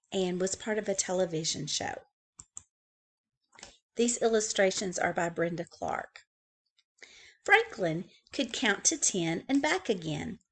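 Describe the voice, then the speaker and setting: A woman librarian reading a picture book aloud for young children. She takes it slowly and swings her pitch widely, with playful asides to the kids. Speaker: school librarian.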